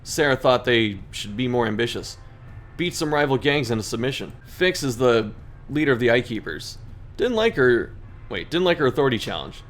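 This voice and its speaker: A man's voice: medium pitch, expressive, brisk, a bit bright. A man hosting a gaming video, reading in-game story text aloud and commenting on his turns, poking fun at his own mistakes. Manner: self-deprecating, laughs at own mistakes.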